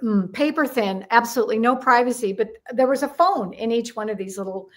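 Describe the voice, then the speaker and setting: Lively older American woman, higher voice. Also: fairly quick. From United States. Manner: animated, acts out voices in her stories. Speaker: guest, numerologist. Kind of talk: storytelling in a chat interview.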